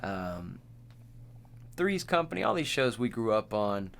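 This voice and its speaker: A man's voice: on the low side, big pitch swings, unhurried, gravelly, fairly bright tone. Chill podcast guy, voice bouncing all over, laughs a lot. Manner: laid-back, laughs often, quotes movie lines. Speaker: podcast co-host. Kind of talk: casual chat.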